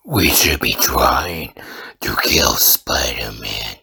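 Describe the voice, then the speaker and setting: A man voicing a menacing male alien symbiote in a gravelly, growling whisper. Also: very deep voice, expressive, takes it slowly, bright, forceful tone, dry recording, voice pushed down, exaggerated voice. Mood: sinister. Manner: growling, sinister.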